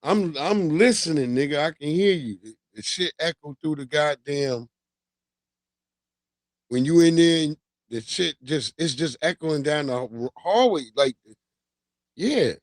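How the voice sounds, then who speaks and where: A man hosting a livestream, chatting casually with animated, profane storytelling and laughs. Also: on the high side, measured pace, no room sound. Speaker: livestream host. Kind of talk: casual commentary.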